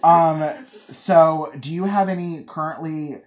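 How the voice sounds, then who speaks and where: A woman hosting a podcast, chatting in an animated way, joking and swearing casually. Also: low-pitched, takes it slowly, dull audio. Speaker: podcast host.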